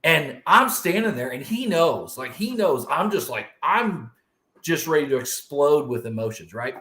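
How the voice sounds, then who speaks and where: A middle-aged man co-hosting a podcast, telling family stories in a chatty, animated way. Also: a little high, measured pace. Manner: animated, chatty, calls his partner dude. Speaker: podcast co-host. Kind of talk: casual chat, personal storytelling. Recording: roomy echo.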